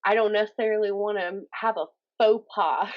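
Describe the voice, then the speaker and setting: A young woman with a Southern accent from Mississippi, chatting as a podcast guest, animated and often laughing. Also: medium pitch, normal speed, highs cut off. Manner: animated, laughing, mimics others in quotes. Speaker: guest poet and YouTuber. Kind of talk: casual interview chat.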